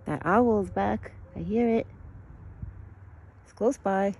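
A woman talking casually to her phone camera outdoors while feeding a wild deer, switching to a high soothing coaxing tone for the animal. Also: takes it slowly, a little mellow, slightly rough. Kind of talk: casual outdoor vlog narration.

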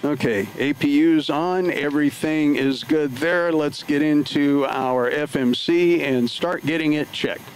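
A man's voice: fairly high pitch, measured pace, hardly any pauses, slight background noise, rough recording. Chatty man narrating his flight sim. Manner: chatty, talks through each step with many fillers. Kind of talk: casual live play-by-play narration. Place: home flight sim setup.

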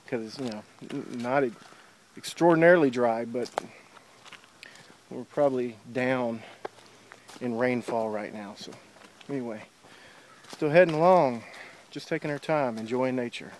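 A hiker films his trip on a handheld camera while walking a wooded river trail, his mid-range, slightly mellow voice moving at a measured pace with long pauses. He rambles loosely in this casual vlog, dropping plenty of uhs and ums and sounding a bit out of breath. Faint noise and mic handling sit beneath his speech.

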